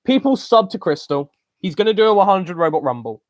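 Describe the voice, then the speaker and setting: A man's voice: sits high, very animated, a little fast, dry recording. A young man from the UK hosting a casual live-stream Q&A, rambling with lots of ums and joking bluntly. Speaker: channel host answering viewer questions.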